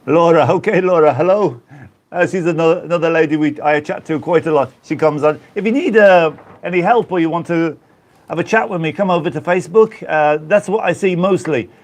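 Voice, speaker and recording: Man, live-stream host from the Black Country, casual and rambling, voice on the higher side. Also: a little fast. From Black Country, England. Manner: rambling, chatty, greets viewers by name.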